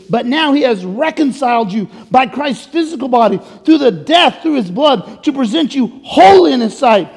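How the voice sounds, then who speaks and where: A man preaching a sermon in a church, emphatic, swinging from loud to hushed. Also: very high-pitched, vocal fry, in a large hall. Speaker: pastor. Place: church sanctuary.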